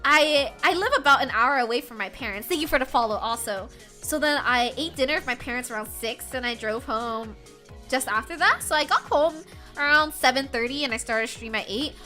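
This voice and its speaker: A young woman talks casually with viewers on her home stream, her voice sitting high and moving fairly quickly. She's bubbly, dropping to soft murmurs then bursting out loudly, while faint music plays behind her.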